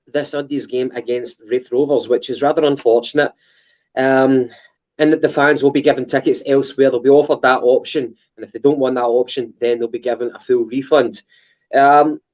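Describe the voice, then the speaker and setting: A man's voice: fairly high pitch, a little mellow, highs cut off. A Scottish man co-hosting a casual football podcast, hesitant with many fillers and restarts. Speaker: podcast co-host.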